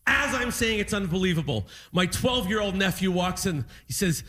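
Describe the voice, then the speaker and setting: High-voiced stand-up comic. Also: male voice, normal speed. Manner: animated, laughs at his own stories. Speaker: stand-up comedian. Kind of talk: stand-up storytelling. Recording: noisy recording.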